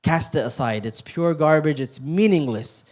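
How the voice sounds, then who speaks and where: A man giving a youth sermon, joking and animated while telling the story, then quiet and earnest as he drives the lesson home. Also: a little high, normal speed. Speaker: youth halaqa speaker. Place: youth center hall.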